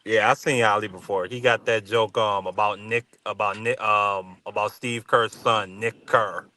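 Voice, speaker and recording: A man's voice: fairly low pitch, fairly even intonation, moderate pace, sharp tone. A man on a casual livestream panel, blunt and opinionated, laughing as he talks. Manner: blunt, opinionated, laughs at his own stories.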